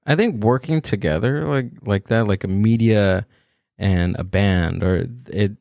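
A man's voice: on the low side, a little slow, vocal fry, a little mellow, dry recording, studio quality. A man hosting a podcast, chatting casually and reflectively with his guest. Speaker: podcast host. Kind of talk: casual interview chat.

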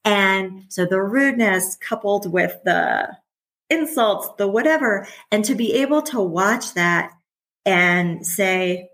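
A woman's voice: mid-range voice, lively intonation, slow pace, fairly bright tone, poor audio. A woman in her forties, a former teacher and parent, talking candidly as a podcast guest, chatty and often laughing. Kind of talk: casual conversational interview.

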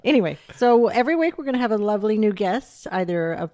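A woman's voice: medium pitch, animated, quick pace, dark tone. A woman co-hosting a podcast, chatting casually and telling stories with giggles. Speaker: podcast co-host. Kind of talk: casual chat.

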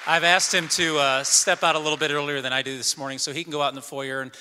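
A man's voice: on the high side, steady tone, quick pace, background noise. A man, the pastor, addressing his congregation with a jokey introduction of a guest. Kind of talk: announcements to congregation. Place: church sanctuary. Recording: hall reverb with crowd.

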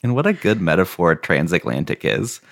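A man's voice: sits low, sing-song, brisk, creaky, a bit bright. A man co-hosting a casual podcast, enthusiastic and eager as he talks about song lyrics. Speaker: podcast co-host.

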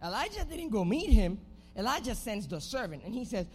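Slangy, animated young male preacher. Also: high voice, a little fast, faint music behind. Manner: slangy, animated, talks straight to the crowd. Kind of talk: energetic youth sermon storytelling.

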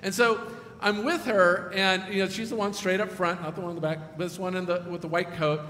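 A male pastor delivers a sermon in a forceful, bright voice set slightly high, dropping to hushed tones and then swelling to emphatic peaks. He sounds like he is in a church sanctuary, with a long, roomy reverb trailing his words and a faint noise underneath. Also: level tone, a little fast. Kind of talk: sermon storytelling.

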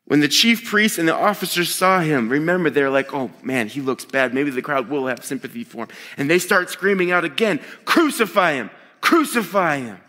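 A man's voice: a little high, expressive, fairly quick, hardly any pauses, pushed and bright. A man preaching a sermon in a conversational way, retelling scripture with everyday voices for the people in it. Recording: long echo of a large hall.

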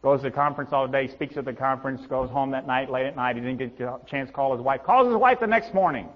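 A middle-aged male pastor preaching a sermon, swinging between loud emphatic peaks and hushed low tones. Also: quick pace, hardly any pauses. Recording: dull reverberant hall sound.

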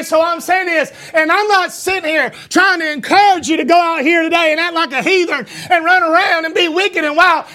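A middle-aged Southern pastor with a Georgia accent and a markedly high voice. He wanders through homespun stories with stammered restarts and self-deprecating humor, then lifts into a shouted sermon. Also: sing-song, moderate pace.

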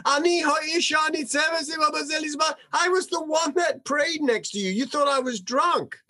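A woman's voice: high voice, moderate pace, bright, forceful tone, voice pushed up. A man doing an upset pleading mother. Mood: upset, indignant. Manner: indignant, pleading, urgent. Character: distressed pleading young mother confronting a priest.

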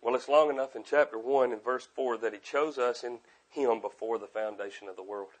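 A middle-aged man preaching a sermon, earnest and repetitive, moving between loud emphasis and quiet asides. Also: medium pitch, brisk.

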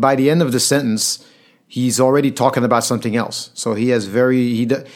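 A man's voice: medium pitch, vocal fry. A man telling a personal story to an audience in an earnest, reflective way.

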